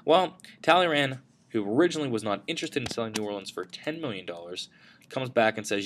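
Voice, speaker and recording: A man's voice: medium pitch, lively intonation, fast, a bit bright, a little hiss or hum. A man teaching a history lesson over slides, in a casual way with frequent fillers and self-corrections.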